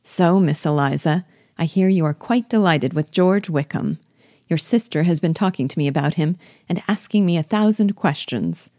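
A gossiping society lady, as a woman reads her, civil on the surface and sneering beneath. Low, mellow voice, dry close sound. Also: moderate pace, no room sound, natural voice. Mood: disdainful.

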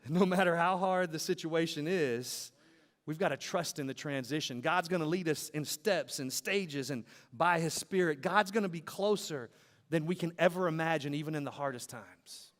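A man's voice: on the high side, normal speed, a bit bright. A man preaching a sermon as pastor, in a rhythmic style with repeated phrases that build to emphatic peaks. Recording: long hall reverb.

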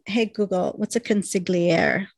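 A woman co-hosts a casual recap podcast, speaking with a gravelly, fry-edged voice. She is close to a dry mic, laughing often and acting out lines of dialogue. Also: medium pitch, a little slow, dry recording. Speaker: podcast co-host recapping a TV episode. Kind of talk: casual chat.

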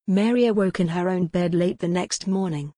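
A woman narrating a gothic novel in a steady, measured audiobook reading. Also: lowish voice, dry recording, studio quality.

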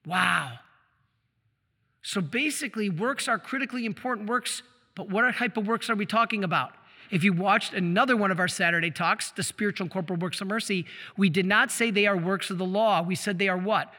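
A man preaching at a shrine, giving a religious teaching talk with slides. He speaks emphatically, asks questions and answers them himself, and slows down to read quotations. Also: sits high, pushed and bright, in a large hall. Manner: slows down when reading quotations aloud.

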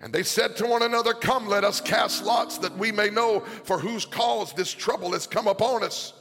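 High, gravelly preaching man. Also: fairly even intonation, normal speed. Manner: preaching cadence, sing-song and shouted peaks. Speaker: pastor. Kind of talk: sermon. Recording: long hall reverb, faint music.

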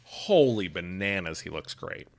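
Animated joking man on a podcast. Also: low voice, unhurried, creaky. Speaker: podcast host. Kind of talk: casual podcast chat.

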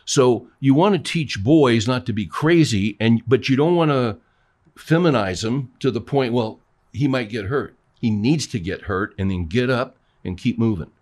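A man's voice: mid-range voice, lively intonation, moderate pace, a little mellow. An older man talking casually as a pastor and co-host, telling stories and acting out both sides of conversations. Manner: storytelling, acts out both sides of dialogues.

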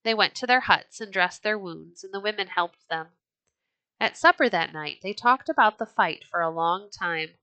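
A woman reading a children's storybook aloud as a podcast storyteller, measured and expressive. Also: medium pitch, clear, resonant tone, dry recording.

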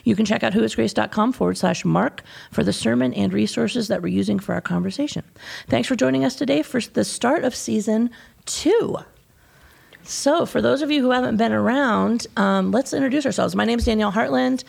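Female podcast host, gravelly fry, breathy tone, bubbly and laughing. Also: a little high, brisk, darkish tone. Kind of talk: casual group chat.

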